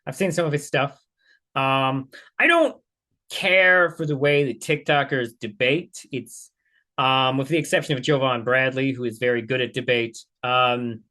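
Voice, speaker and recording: A man's voice: a little high, sharp tone. A man hosting a reaction video, talking bluntly and swearing freely in casual commentary.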